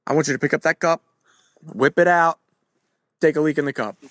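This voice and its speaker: A man voicing a crude male genie in a joke, talking gruff. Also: on the high side, fairly quick, a bit bright, no echo, clean studio sound, lightly acted.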